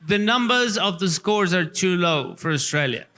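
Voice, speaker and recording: A man telling animated comedic stories on a live panel, shouting his punchlines. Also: sits high, normal speed, long reverb tail. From Venezuela. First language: Spanish. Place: festival stage with live audience.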